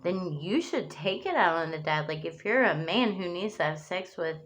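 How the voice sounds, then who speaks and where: A woman's voice: on the low side, animated, moderate pace, fairly bright tone. A woman in an angry, rambling monologue to camera, swearing often and restarting her phrases.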